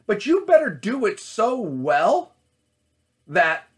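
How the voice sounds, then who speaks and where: A man's voice: high voice, huge pitch swings, takes it slowly. A man coaching actors in a solo talk to camera, earnest and repetitive, often restarting his phrases. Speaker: acting coach.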